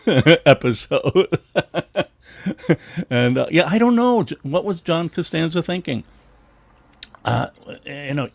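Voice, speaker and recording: A man's voice: a little high, no room sound. A middle-aged man co-hosting a casual livestream about comic art, rambling with many restarts and laughing often. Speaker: co-host of a comics history show.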